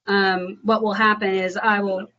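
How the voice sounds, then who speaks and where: A woman's voice: medium pitch, fairly even intonation, normal speed. A woman from Nashville, a real estate agent, chatting casually with lots of fillers about how she prospects and runs listing appointments. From Nashville, USA. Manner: chatty, filler-heavy, bright and upbeat on calls. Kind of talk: live prospecting calls and Q&A. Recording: muffled lo-fi audio.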